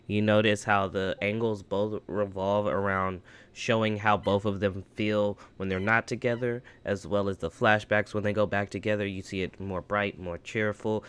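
A man's voice: lowish voice, a bit bright, clean tone. A man hosting a reaction video, casually and thoughtfully breaking down what he watches point by point, with a song playing faintly underneath. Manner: reflective, breaks down visuals point by point.

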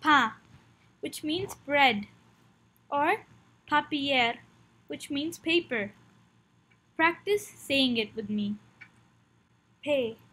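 A woman with a high voice gives a slow, patient French lesson. She says each word clearly and twice, pausing so the listener can repeat after her. She is recorded at home for an online lesson. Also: expressive, a bit bright, rough recording. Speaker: French teacher.

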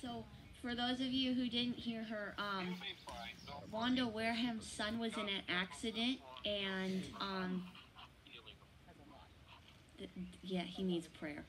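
Woman, church leader outdoors, hesitant manner, ordinary pitch. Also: fairly even intonation, slow pace, long pauses, crowd noise, rough recording. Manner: hesitant, relaying requests with fillers. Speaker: worship leader taking prayer requests. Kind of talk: church announcements.

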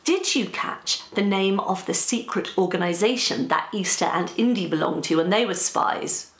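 A woman reading her story aloud and teaching children about it in a lively, playful way. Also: medium pitch, moderate pace, reverberant.

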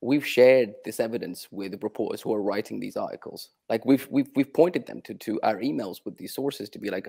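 A man with a low, gravelly and husky voice answers as a guest journalist. He talks haltingly, repeating words and sounding puzzled as he builds his argument. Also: darkish tone. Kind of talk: interview answers.

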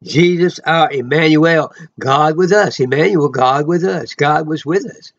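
A man's voice: a little high, a little slow. Rambling emotional preacher man, lo-fi. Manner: rambling, emotional, bursts of loud exclamations. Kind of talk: informal self-recorded sermon.

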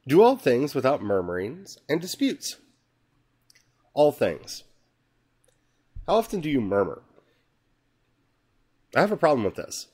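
A man hosting a podcast, reading a scripture passage slowly and musing on it in an earnest, conversational way. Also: medium pitch, a little mellow. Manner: slow, earnest, musing aloud. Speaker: podcast host. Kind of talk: reflective scripture talk.

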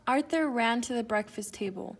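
A woman reads a children's picture book aloud in a fairly high voice. Her storytelling is clear and expressive. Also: normal speed. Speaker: storybook reader.

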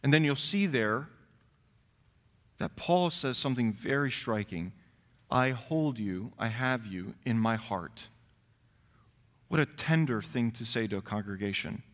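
A man's voice: medium pitch, lively intonation, unhurried, pauses often, a bit bright. A man pastor giving a sermon, reading scripture aloud and stressing key words. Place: church sanctuary. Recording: long reverb of a church hall.

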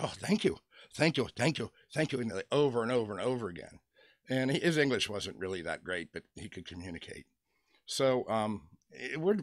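A middle-aged western Pennsylvania man, a toy customizer vlogger, rambles through a joking story at home with his dog nearby, chatty and chuckling between tales. His mid-range voice is a bit bright, recorded at studio quality with no echo.

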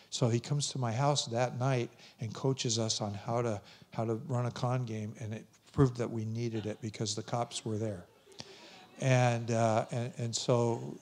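An older man, a pastor, telling a personal story in a conversational, lively way at a conference talk. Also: mid-range voice.

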